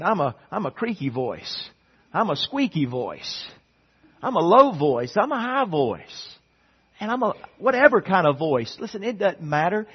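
A man preaching a sermon as pastor, moving between loud, emphatic lines and quiet, low passages. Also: slightly rough, lo-fi sound.

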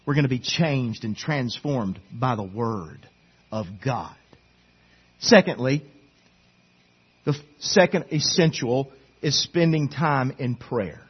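A middle-aged pastor takes his sermon slowly, pausing often, his husky medium-pitched voice earnest and pleading as he repeatedly exhorts his church. The sanctuary recording has its highs cut off.

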